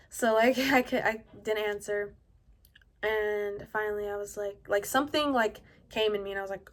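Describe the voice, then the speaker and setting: A woman telling a personal story in a casual vlog, soft-spoken and rambling, with lots of "like" and a hushed delivery. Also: mid-range voice, fairly even intonation, fairly quick. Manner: often drops to a hushed, quiet delivery. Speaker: vlogger telling her own story.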